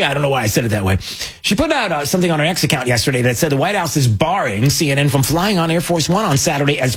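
A man hosting an opinion commentary show, talking in a sarcastic, mocking and animated way. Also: mid-range voice, breathy edge.

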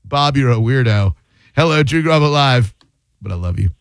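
Male talk radio host, wisecracking, quick banter, dry studio mic. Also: medium pitch, lively intonation, smooth, no room sound.

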